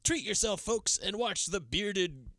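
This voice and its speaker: A man's voice: sits high, animated, measured pace, a bit bright, no room sound, clean studio sound, pitched above the performer's own voice, full character voice. A man voicing a sleazy male psycho who delivers a mock-grand carnival barker spiel. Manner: mock-grand showman patter.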